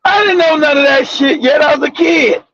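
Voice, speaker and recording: A man telling a story in casual talk-show chat, loud and profane. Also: extremely high pitch, moderate pace, dull audio.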